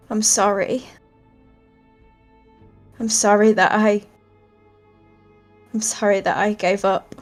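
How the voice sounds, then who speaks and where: A woman voicing an anxious, tender young woman who pleads softly and emotionally. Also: medium pitch, close to an everyday voice.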